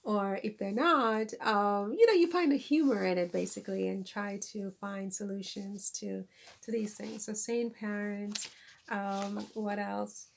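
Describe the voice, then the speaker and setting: A woman's voice: mid-range voice, fairly even intonation, a little slow, gravelly, a little hiss or hum. A woman vlogger chatting casually to camera, self-deprecating and laughing at herself as she recommends her books. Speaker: vlogger and author. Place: lives in France.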